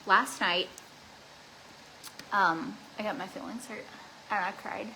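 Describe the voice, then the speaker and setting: A woman's voice: medium pitch, fairly even intonation, slow, creaky, bright, forceful tone, slight background noise, poor audio. A young woman chatting casually while doing her makeup at home, rambling with lots of "like" and restarts. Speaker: beauty vlogger.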